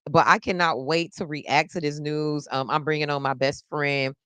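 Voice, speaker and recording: A woman hosting a casual live news-reaction stream. She talks straight to her viewers in an animated, chatty way, exclaiming often and repeating phrases for effect. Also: low-pitched, moderate pace, clear, resonant tone, no room sound.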